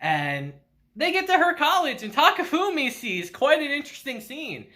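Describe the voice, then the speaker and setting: A man casually recapping an anime episode, slangy and quick to laugh. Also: very high voice. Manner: laughs often, slangy and animated. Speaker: anime reviewer.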